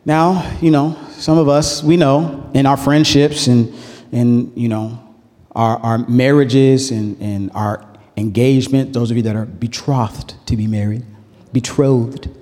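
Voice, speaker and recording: A man's voice: medium pitch, steady tone, measured pace, mellow, big-room sound. A man pastor preaching a sermon in a loose, conversational way, calling on the congregation to answer back. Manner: conversational preaching with call-and-response.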